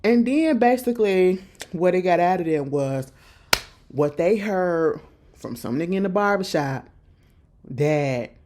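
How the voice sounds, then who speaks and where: A woman casually recapping a TV episode, telling it in lively slang and acting out what the characters say. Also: low-pitched. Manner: animated, slangy storytelling that acts out the characters' lines.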